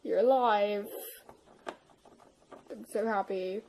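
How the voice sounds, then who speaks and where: A woman narrating a toy play story casually, playful and dramatic, swinging between whispers and excited shrieks. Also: medium pitch, takes it slowly, slight background noise.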